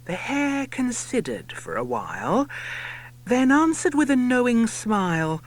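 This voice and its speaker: Male audiobook narrator, rhyming storybook, playful, theatrical, slow, hugely varied pitch, some whispered lines. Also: huge pitch swings. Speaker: audiobook reader.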